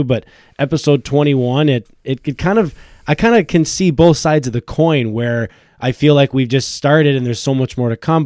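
A man's voice: mid-range voice, darkish tone, no echo, clean studio sound. A man co-hosting a casual hockey podcast, chatty and loose, swearing now and then. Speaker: podcast co-host. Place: small studio at a bar.

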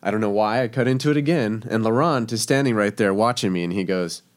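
A man with a somewhat low voice recounts his days as a restaurant cook in a relaxed conversation. He is animated and laughs often as he tells it. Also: fast. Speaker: guest telling a kitchen story. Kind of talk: casual storytelling chat.

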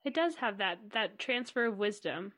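A woman's voice: medium pitch, expressive, normal speed, fairly bright tone. A woman hosting a casual podcast, upbeat and steering the conversation. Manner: upbeat, guiding. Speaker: podcast host.

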